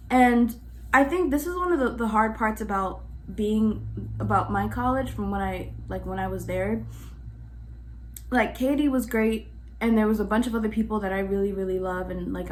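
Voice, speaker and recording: A woman in her twenties telling a story to camera in a casual way, animated and exasperated, with lots of fillers. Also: mid-range voice, normal speed, slight background noise. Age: 20s. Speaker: vlogger.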